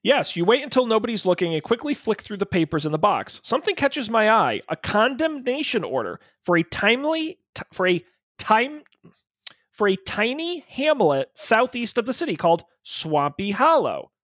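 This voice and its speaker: Animated man narrating a detective game. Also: high voice, normal speed, no echo, clean studio sound. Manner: animated noir narration with playful asides. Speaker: game master.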